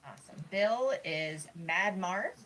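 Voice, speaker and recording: A woman hosts a live table read over a video call, her voice sitting slightly lower than most. She talks in a chatty, upbeat way, full of ums and quick encouragement. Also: animated, a bit bright, poor audio. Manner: chatty, filler-laden and upbeat. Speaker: host of a script reading.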